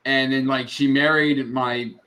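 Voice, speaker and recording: A man's voice: mid-range voice, flat delivery, measured pace, sharp tone. A man from Maryland, chatting on a video call in a dry, offhand way about his family. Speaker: booktuber guest. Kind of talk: casual chat.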